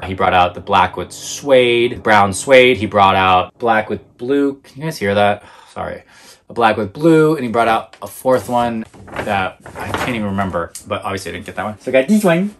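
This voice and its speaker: A man's voice: lowish voice, a bit bright, a little hiss or hum. A man chatting casually in a vlog, rambling with lots of "like" and retelling conversations. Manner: retells conversations with quoted lines. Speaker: vlogger.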